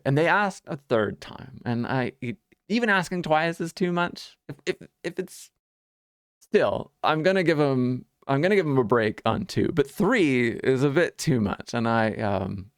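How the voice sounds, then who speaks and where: A man's voice: mid-range voice, expressive, measured pace, dry recording, clean studio sound. A man talking casually to camera, telling stories in a chatty, wry way, often restarting and repeating words. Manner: wry, amused. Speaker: vlogger sharing life stories. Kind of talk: casual storytelling monologue.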